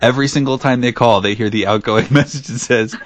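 A man's voice: mid-range voice, steady tone, fast, a little hiss or hum. A man co-hosting a podcast, chatting casually and joking as he rambles. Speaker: podcast co-host.

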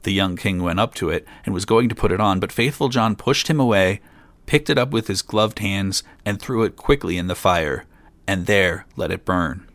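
A man's voice: low voice, lively intonation, normal speed, fairly bright tone, no room sound. A man reading an old fairy tale aloud, with dry asides of his own. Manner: reads plainly, drops in dry asides. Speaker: storyteller.

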